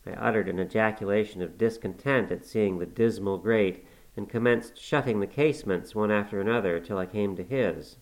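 Low-voiced man reading a classic novel. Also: poor audio. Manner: measured, unhurried storytelling. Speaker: audiobook narrator.

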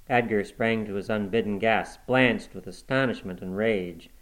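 Low-voiced man reading a novel aloud. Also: fairly bright tone, rough recording. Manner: measured, dramatic storytelling. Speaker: audiobook reader. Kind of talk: first-person novel narration.

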